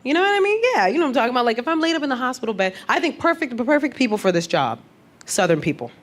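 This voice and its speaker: A woman comedian telling brash, animated, streetwise stories in a stand-up set on a club stage. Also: a little high, very fast, slight background noise. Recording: live club with loud audience.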